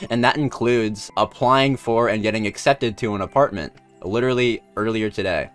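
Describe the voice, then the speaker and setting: A man's voice: lowish voice, normal speed, a bit bright, faint music behind. A man chatting casually as a streamer in his room, laughing often and swearing freely while telling a story.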